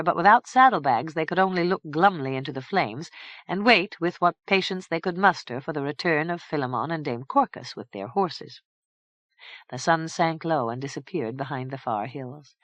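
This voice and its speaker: A woman reading a fantasy novel aloud in a measured, even storytelling manner. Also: sits low, dry recording, lo-fi sound. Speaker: audiobook narrator. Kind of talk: scripted narration.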